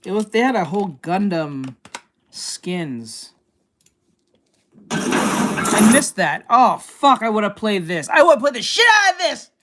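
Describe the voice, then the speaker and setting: A woman doing casual gaming reaction commentary, excitable, swearing and often shouting. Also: medium pitch, slow, long pauses, background noise. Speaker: YouTuber reacting to videos. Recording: voice with music playing behind. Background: clear music.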